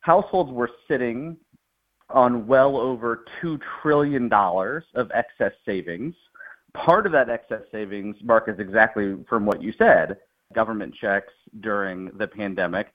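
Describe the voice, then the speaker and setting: A man who is an economist guest on a podcast, explaining calmly and in a measured way, heard over a remote line. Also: lowish voice. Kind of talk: interview answers. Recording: tinny phone-like remote line.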